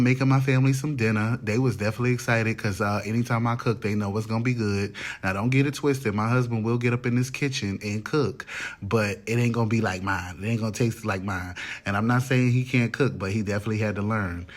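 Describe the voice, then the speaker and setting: A man talking casually in a rambling, chatty way as he cooks dinner in his home kitchen, speaking straight to his viewers. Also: lowish voice. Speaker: home cooking vlogger. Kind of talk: casual chatty cooking vlog.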